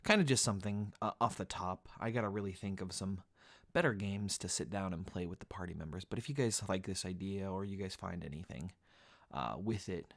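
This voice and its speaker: Deep-voiced man giving casual commentary. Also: brisk, creaky. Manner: casual, explanatory, some fillers. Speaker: game master giving commentary. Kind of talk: recorded commentary.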